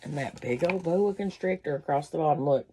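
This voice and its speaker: A woman's voice: low voice, fairly quick, warm tone, a little hiss or hum. A woman reading a children's picture book aloud, breaking off for folksy asides to her listeners. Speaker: storybook reader.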